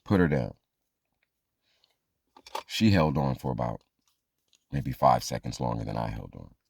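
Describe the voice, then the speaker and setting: A man's voice: very deep voice, unhurried, creaky, slightly rough. A man telling a funny true story as a monologue, acting out the people in it. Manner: animated, acts out quoted voices.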